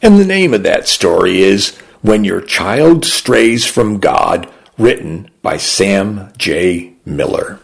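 Slow, gravelly man reading a story. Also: on the low side. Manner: slow, deliberate and expressive storytelling. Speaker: radio story reader. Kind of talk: literary reading for radio.

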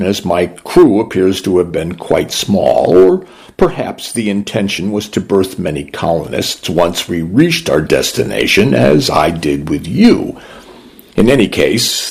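A man narrating a first-person story in a measured, gentle, reflective way. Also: deep voice, vocal fry, slightly rough.

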